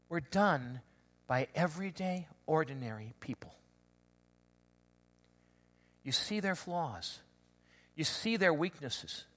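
Preaching in a conversational style, this pastor's voice sits high. He tells stories, frequently restarting and adding animated asides.

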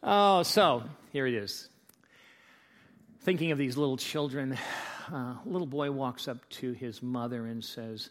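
A man's voice: medium pitch, moderate pace. A man preaching as pastor, telling jokes to his church in a chatty, rambling storytelling manner. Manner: chatty storyteller, restarts and fillers, lively delivery. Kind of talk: joke-telling sermon.

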